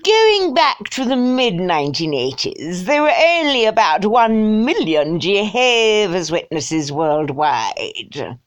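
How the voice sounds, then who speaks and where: Snotty upper-class Englishman as a woman puts him on, pompous, haughty, slow and drawn-out, lively swoops. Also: rumbling low, slightly rough, no room sound, voice pushed down, heavily acted.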